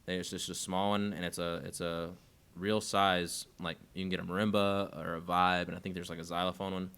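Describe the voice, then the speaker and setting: Deep-voiced man rambling as a host. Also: little pitch movement, a little fast, a bit bright, clean tone. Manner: rambling, thinks aloud with many fillers. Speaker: podcast host. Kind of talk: casual podcast chat.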